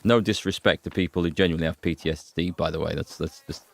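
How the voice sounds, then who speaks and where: A man's voice: low voice, steady tone, quick pace, vocal fry, slight background noise. A man hosting a gaming playthrough, chatting, joking and thinking aloud. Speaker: gaming host. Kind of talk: let's play commentary.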